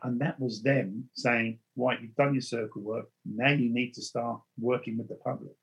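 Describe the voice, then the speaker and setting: Husky man telling his story. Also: medium pitch, fairly even intonation, moderate pace, highs cut off. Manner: earnest, repeats and restarts words. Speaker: spiritual medium. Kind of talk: storytelling in conversation.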